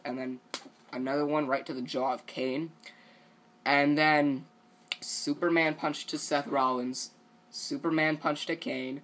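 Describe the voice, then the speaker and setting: A man's voice: a little high, a bit bright. Rambling, casual young-sounding guy. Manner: rambling, loose, full of "you know" and "like"; swears casually. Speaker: wrestling show reviewer. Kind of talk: casual recap vlog.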